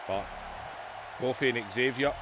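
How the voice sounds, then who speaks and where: A man hosting a gaming channel who gives excitable mock wrestling play-by-play for a video game and yells at the big moments. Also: mid-range voice, a little slow, a crowd in the background, background noise.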